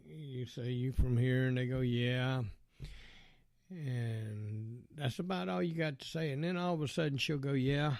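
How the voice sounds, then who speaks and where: A man's voice: medium pitch, vocal fry, dark tone, dry recording, studio quality. A man hosting a podcast, talking in a rambling, folksy way with lots of fillers and asides. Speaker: podcast host. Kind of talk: casual monologue.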